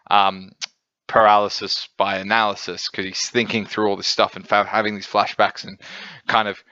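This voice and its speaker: A man's voice: on the low side, bright, forceful tone, no echo. A man reviewing manga at home, talking casually and enthusiastically, with lots of fillers. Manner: rambling, enthusiastic, with many fillers. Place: home setup, filmed at night. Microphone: camera setup. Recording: dull lo-fi sound.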